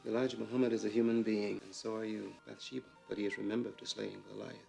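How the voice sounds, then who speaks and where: An actor playing an older religious leader who calmly justifies himself in a film scene, speaking in a measured, persuasive way. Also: male voice, fairly low pitch, gravelly, faint music behind. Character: aging religious leader, calm, self-justifying, older man.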